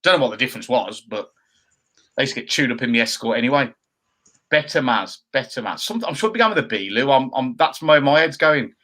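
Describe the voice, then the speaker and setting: A man's voice: mid-range voice, expressive, fairly quick, pushed and bright. A man co-hosting a casual chat show, bantering and teasing his co-host while reading viewer comments. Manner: jokey banter, playful mocking impressions.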